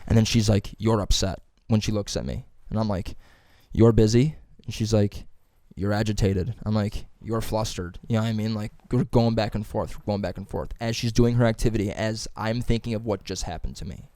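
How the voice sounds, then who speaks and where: A man's voice: fairly low pitch, steady tone, fast, few pauses, dark tone, dry recording, clean studio sound. A young man hosting a podcast, telling a long story in casual chat with lots of fillers and swearing. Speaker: podcast host.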